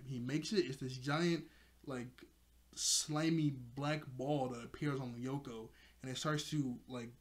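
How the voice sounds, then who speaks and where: A man's voice: medium pitch, a little hiss or hum. Male reviewer with a mid-range voice, chatty and loose, laughs a lot, many fillers, casual recap. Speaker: show reviewer.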